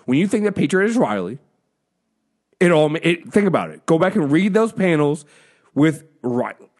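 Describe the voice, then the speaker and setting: A man's voice: fairly high pitch, big pitch swings, normal speed. A man hosting a podcast in casual chat, rambling, swearing freely and laughing often. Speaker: podcast host.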